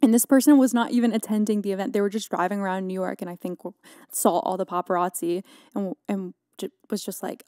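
A woman's voice: mid-range voice, fairly even intonation, fast talker, mellow, dry recording, clean studio sound. A young woman hosting her podcast, recapping a story in casual, dramatic chat, full of "like" and laughter. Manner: chatty, dramatic, filler-heavy with frequent "like". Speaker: podcast host.

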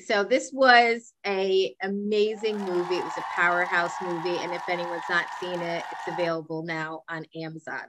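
Female interviewer, eager and reactive, lowish pitch. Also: fairly even intonation, heavy background noise. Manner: enthusiastic, quick to react. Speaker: interviewer, host. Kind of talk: casual interview chat.

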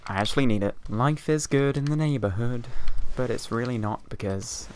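A man giving chatty, excitable gameplay commentary at home, leaning toward a mic set below him. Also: mid-range voice, normal speed, a little hiss or hum. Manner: excitable, chatty, exclaims at the game. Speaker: gaming video creator. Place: home room with TV and a hot light. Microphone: mic placed below him, leans in.

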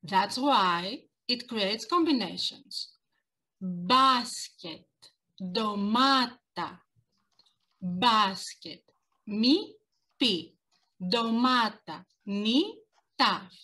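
A woman's voice: mid-range voice, lively intonation, drawn-out words, long pauses, bright, forceful tone. A woman with Greek as her first language, teaching an online lesson on a video call and carefully pronouncing words for learners to repeat.

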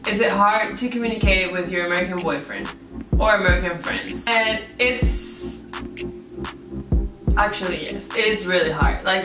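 Chatty young woman vlogger, roomy sound. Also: mid-range voice. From Venezuela. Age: young adult. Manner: chatty, frequent "like" fillers, animated quoted reactions. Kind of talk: casual storytelling to camera. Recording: roomy echo, mic at a distance, music behind.

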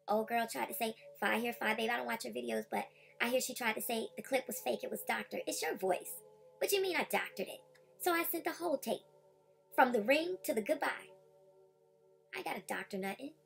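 A woman's voice: on the high side, creaky, fairly bright tone. A woman vlogger ranting heatedly and confronting rivals directly. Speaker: YouTube commentator. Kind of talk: vlog rant.

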